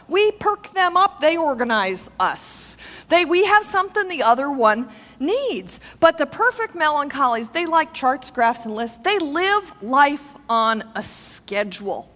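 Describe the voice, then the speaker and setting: Lively female presenter with a high, bouncy voice, quizzing a live audience in a big echoing hall. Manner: animated, asks the audience questions and acts out quotes. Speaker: seminar speaker. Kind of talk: live seminar talk to an audience. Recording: long hall reverb.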